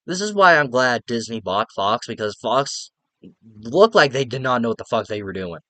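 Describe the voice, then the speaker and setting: A man's voice: medium pitch, big pitch swings, normal speed, pushed and bright, no echo. A young man giving a casual, profane, exasperated movie review rant, rambling with lots of filler words.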